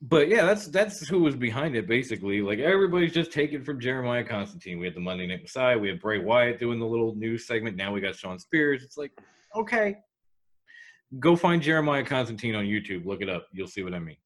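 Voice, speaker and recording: A man's voice: medium pitch, a little fast. A man co-hosting a casual wrestling chat stream, reading out viewer comments and joking with friends. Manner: animated, reads viewer comments. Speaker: podcast co-host. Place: home, live stream call.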